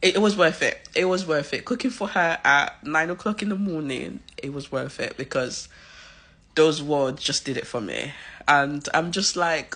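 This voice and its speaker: A woman's voice: deep voice, a little slow, a bit bright, husky. A young mother in an emotional personal vlog, telling a story in a tearful, gushing, rambling way. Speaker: mother vlogging.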